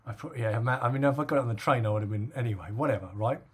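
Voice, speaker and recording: Man, middle-aged, from England, husky, rambling, casual chat. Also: mid-range voice, very fast. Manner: rambling storyteller with many fillers and laughs. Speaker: podcast co-host.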